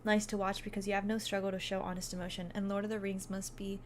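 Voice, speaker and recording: A woman's voice: medium pitch, level tone, fast, slight background noise. A woman streamer chatting casually, reading out her viewers' messages and laughing often as she thanks them.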